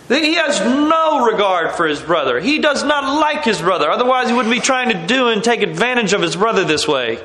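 Male preacher, high bright voice, storytelling sermon, roomy hall sound. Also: very animated, moderate pace, few pauses. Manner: storytelling, acting out the characters' lines. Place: church hall. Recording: echoey hall.

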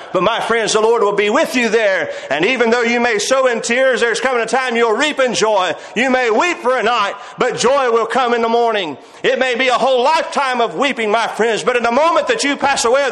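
A man's voice: very high voice, fairly bright tone, reverberant, poor audio. A man preaching a sermon, quoting old-fashioned scripture and calling his listeners "my friends.". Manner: reads scripture in old-fashioned King James phrasing, addresses listeners as "my friends".

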